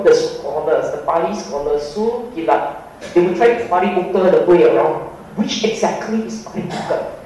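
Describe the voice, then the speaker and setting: A man teaching a meditation class, unhurried and emphatic with playful asides. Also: high-pitched, dark tone, slight background noise. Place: hall with an audience. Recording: roomy hall, voice from a distance.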